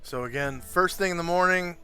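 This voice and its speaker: A man narrating a tabletop game as game master, describing scenes in an unhurried, loosely improvised way. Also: sits high, sharp tone, clear, resonant tone.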